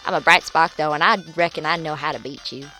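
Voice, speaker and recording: A woman's voice: deep voice, very fast, fairly bright tone, poor audio. Woman doing a cocky drawling game challenger. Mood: boastful. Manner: put-on southern drawl. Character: cocky young male game challenger, boastful. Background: video game music.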